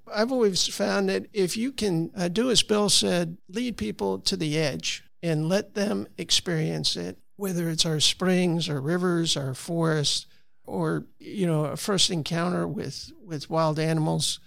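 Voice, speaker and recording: Gravelly guy from florida talking conservation, earnest, dry close sound. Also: a little high, fairly bright tone, dry recording. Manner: earnest, storytelling with many restarts. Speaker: conservation advocate, guest. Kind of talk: conversational interview.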